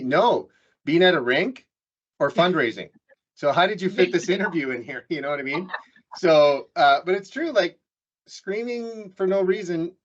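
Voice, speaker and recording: On dull-sounding audio, a Canadian man with a voice on the high side hosts a business podcast at a moderate pace. His casual interview chat is loose and jokey, with lots of restarts in his storytelling.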